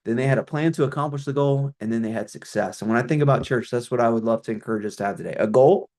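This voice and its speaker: A middle-aged man presents on a call in a loose, conversational way, often restarting his sentences and using fillers. His voice sits at an ordinary mid pitch. He speaks as a former pastor addressing other pastors. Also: fast talker, a little mellow. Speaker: ministry consultant, former pastor.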